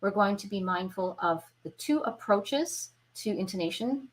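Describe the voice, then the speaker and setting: A woman's voice: mid-range voice, animated, normal speed, low-quality recording. A woman teaching an online violin lesson, who explains patiently and keeps checking in with her viewers. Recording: violin playing between phrases.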